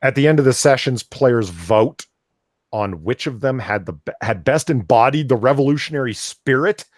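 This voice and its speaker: A man's voice: mid-range voice, lively intonation, normal speed, dry recording. Dry-sounding sarcastic male podcast host. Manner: sarcastic, exasperated. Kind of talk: reading an article aloud with commentary.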